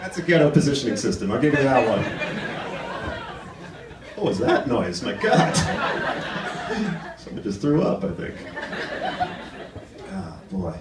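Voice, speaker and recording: Male stand-up comic, lively delivery, slips into voices for his characters; roomy live recording from a distance, with audience noise. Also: mid-range voice, unhurried, pauses often, a loud crowd. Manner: animated, acts out quoted people in put-on voices. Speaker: stand-up comedian. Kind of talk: stand-up comedy set. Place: live comedy theater with audience laughter.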